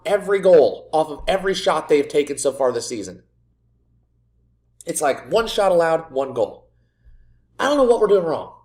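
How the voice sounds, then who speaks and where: Playing a football management game on video, this man vents in sarcastic, exasperated, self-mocking rants aimed at his own side. His voice sits on the high side and is very animated and a little mellow, moving at a moderate pace with long pauses.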